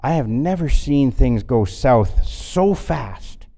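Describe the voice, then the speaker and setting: A man preaching a sermon in a folksy way, swinging between loud bursts and quiet asides. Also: medium pitch, lively intonation, takes it slowly, vocal fry.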